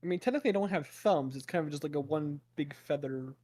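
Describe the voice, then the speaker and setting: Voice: medium pitch, quick pace, dark tone, slightly rough. A player giving short, playful answers in a casual tabletop game. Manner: laughs often, with short, playful replies.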